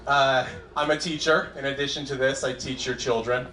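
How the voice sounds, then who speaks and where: A young man doing a stand-up comedy set on a club stage, self-deprecating and halting, with frequent restarts. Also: mid-range voice, steady tone, pushed and bright, slight background noise. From Southern California. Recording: echoey club room, faint crowd ambience.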